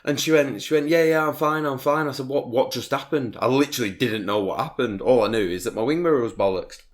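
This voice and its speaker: A man's voice: medium pitch, fast. A man, hosting a podcast, telling a long rambling story in casual chat with lots of swearing. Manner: rambling storytelling, heavy swearing, frequent laughs. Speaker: podcast host.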